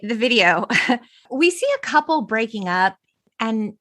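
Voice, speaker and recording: A woman hosting a podcast in casual chat, animated and giggly, acting out quotes as she talks. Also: a little high, a little slow, dry recording, clean studio sound. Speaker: podcast host.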